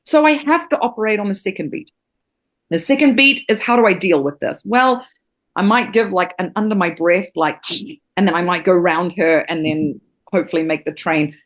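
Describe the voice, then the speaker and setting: A woman's voice: lowish voice, normal speed. A woman from New Zealand, a podcast guest who teaches acting, talking with passion and emphasis and swearing freely. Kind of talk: podcast interview.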